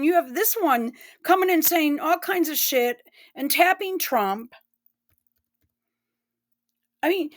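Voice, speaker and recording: Woman commentator, fairly high voice, frank and cursing, emotional reaction talk. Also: a bit bright. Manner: blunt, profane, emotional. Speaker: online commentator.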